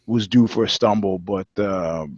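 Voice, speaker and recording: A man's voice: on the low side, normal speed, darkish tone, dry recording, dull audio. A man co-hosting a podcast, talking casually. He rambles and restarts often, and he swears freely. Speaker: podcast co-host. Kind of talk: casual chat.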